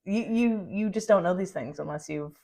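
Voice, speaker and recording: A woman co-hosting a film podcast in casual chat, lively, swearing freely and laughing often. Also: on the low side, normal speed, vocal fry. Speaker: podcast co-host.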